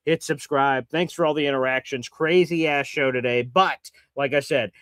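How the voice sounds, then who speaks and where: A man hosting a live sports talk show, excitable and swearing freely. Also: on the high side, dry recording. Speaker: host.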